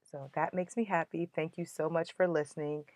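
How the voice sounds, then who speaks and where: A woman's voice: deep voice, fairly even intonation, moderate pace, a little mellow, dry recording. A woman hosting a motivational podcast, talking in an earnest, emotional and uplifting way. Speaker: podcast host.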